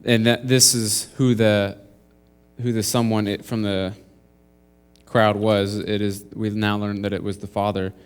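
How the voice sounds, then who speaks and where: A man's voice: lowish voice, level tone, measured pace, smooth. A young man preaching a sermon, reading scripture aloud and earnestly explaining the verses one step at a time. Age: young adult. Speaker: intern preacher. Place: church.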